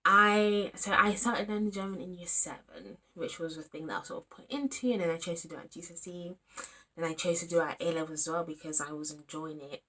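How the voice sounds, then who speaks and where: A woman's voice: on the low side, fast, pushed and bright. A young British woman in her twenties, a university student talking candidly and rambling to the camera in a vlog, exasperated and talking to herself at times. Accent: British English. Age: 20s.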